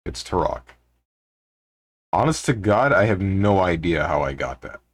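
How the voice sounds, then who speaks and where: Deep-voiced grumbling male streamer. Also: sing-song, a little slow. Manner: laid-back, grumbling, talks to chat. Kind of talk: casual live-stream chat.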